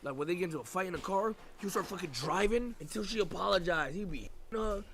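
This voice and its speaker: A man's voice: sits high, animated, fast, a bit bright, a little hiss or hum. A man hosting a casual reaction chat, incredulous and slangy, often laughing in disbelief. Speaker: podcast host reacting to clips.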